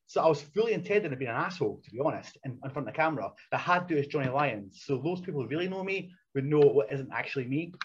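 A man, a wrestler and coach, telling stories as a podcast guest in a casual, animated way that is full of swearing and restarts. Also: a little high, rapid-fire, few pauses, slightly rough. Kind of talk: casual storytelling chat. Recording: muffled lo-fi sound.

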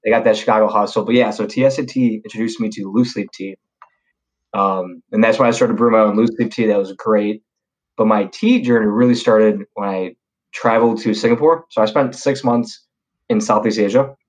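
A man's voice: on the low side, fairly even intonation, fairly quick, poor audio. A young man telling stories on a podcast in a casual, slangy way, with lots of fillers and restarts. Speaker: podcast guest. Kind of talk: casual storytelling chat.

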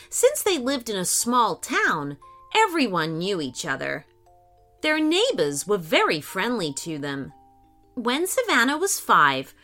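A woman telling a children's story in slow, expressive storybook narration. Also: medium pitch. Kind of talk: scripted narration.

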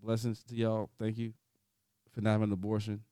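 A man's voice: fairly low pitch, completely flat delivery, fairly quick, dark tone, clean tone, no room sound, studio quality. A man co-hosting a podcast, laid-back, chiming in with short reactions and wrapping up the episode. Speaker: podcast co-host. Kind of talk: casual chat.

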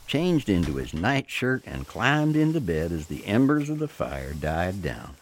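A man narrating a spooky folk tale in a folksy, slow storytelling manner. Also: on the low side.

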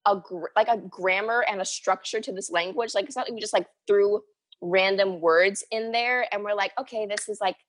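A young woman from the Bahamas co-hosting a podcast, chatting in an animated way and saying "like" and "literally" a lot. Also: medium pitch, moderate pace. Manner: animated, says "like" and "literally" often. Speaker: podcast co-host. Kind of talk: casual chat.

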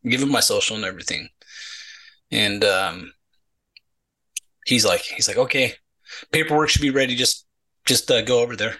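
Bright-voiced man telling army stories. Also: mid-range voice, normal speed, long pauses, low-quality recording. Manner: animated storyteller acting out quoted dialogue, many repeated "he's like". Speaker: podcast guest, retired Army sergeant. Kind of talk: casual storytelling interview.

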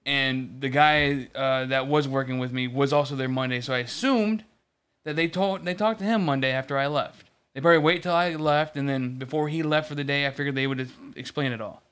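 A man's voice: mid-range voice, fairly quick, a bit bright, clear, resonant tone. A man in casual chat, telling a long story about work with lots of restarts and swearing. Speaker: podcast co-host.

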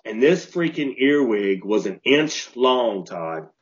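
A man co-hosting a podcast, telling a story in an animated way and restarting his sentences as he gets worked up. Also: medium pitch, slow. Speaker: podcast co-host. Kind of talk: casual storytelling chat. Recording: dull lo-fi podcast audio.

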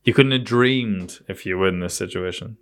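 A man's voice: on the low side, normal speed. Teasing man in casual banter. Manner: playful, teasing, swears casually. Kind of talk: casual chat.

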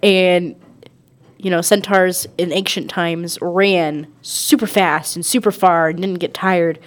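A woman's voice: fairly low pitch, steady tone, takes it slowly. A woman co-hosting a casual movie review podcast, chatty and rambling, laughing often, her nose stuffy from a cold. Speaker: podcast co-host. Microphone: podcast microphone.

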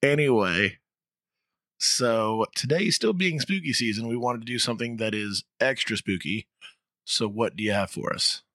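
A man co-hosting a podcast, bantering casually with teasing jokes and quick laughs. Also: mid-range voice, a bit bright, no room sound, clean studio sound. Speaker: podcast co-host.

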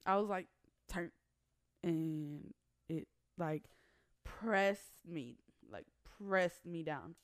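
A woman's voice: on the low side, animated, drawn-out words, dry recording, clean studio sound. A woman co-hosting a casual chat show, telling a story in a laid-back, slangy way. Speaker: podcast co-host.

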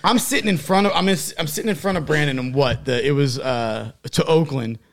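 Man, gravelly voice, podcast co-host, casual animated chat, laughs a lot. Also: a little high, a little fast. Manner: animated storyteller, laughs and swears.

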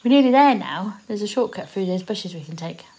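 A woman acting a blunt, teasing survivor of a zombie apocalypse in an audio drama, quick with sweary put-downs. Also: mid-range voice, lively intonation, mellow, a little hiss or hum, natural voice.

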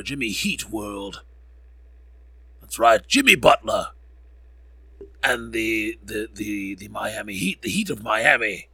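A man's voice: mid-range voice, creaky, sharp tone, slightly rough, dry recording. A man hosting a podcast, rambling through sports scores with jokes and frequent self-corrections. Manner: rambling, joking, corrects himself often. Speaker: podcast host. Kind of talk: casual sports score recap.

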